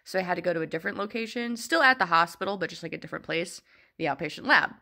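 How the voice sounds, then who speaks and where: A woman's voice: fairly low pitch, very fast, vocal fry, sharp tone. A young woman telling a rambling, exasperated story in a casual vlog, with sarcastic asides. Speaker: vlogger.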